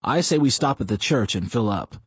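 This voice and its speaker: A man's voice: medium pitch, lively intonation, brisk, slightly rough, no echo. A man voicing an earnest, affectionate middle-aged husband who speaks hesitantly, in a slightly muffled recording. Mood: casual.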